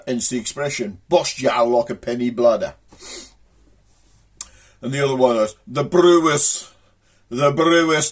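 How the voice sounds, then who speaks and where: A man with a Black Country accent hosting a casual comic video, rambling through old local sayings and jokes. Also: mid-range voice. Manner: rambling, folksy joke-telling.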